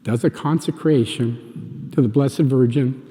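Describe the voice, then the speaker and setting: Man, mellow tone, earnest and emotional personal testimony storyteller, long hall reverb on the recording. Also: medium pitch, measured pace, faint music behind. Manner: earnest, emotional, acts out dialogue. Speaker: speaker giving a faith testimony.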